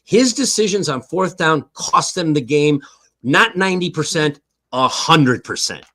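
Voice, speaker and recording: A man's voice: a little high, expressive, measured pace, sharp tone. An older man giving heated, emphatic football commentary on a streamed talk show, repeating his points and tagging lines with "okay?". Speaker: guest analyst, former team staff. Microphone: online stream call.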